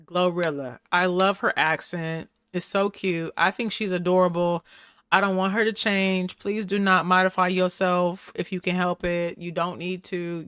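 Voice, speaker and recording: A woman's voice: fairly low pitch, fairly bright tone, clear, resonant tone, no echo, clean studio sound. A woman hosting a casual recap show, chatty and playful, laughing often as she talks. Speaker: host.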